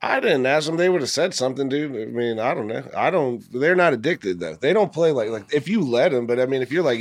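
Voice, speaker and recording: Guy going off on a rant, slangy and loud about it, dry mic. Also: mid-range voice, fairly quick, few pauses, no room sound. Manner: animated, slangy, emphatic riffing. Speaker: podcast co-host. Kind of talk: casual chat.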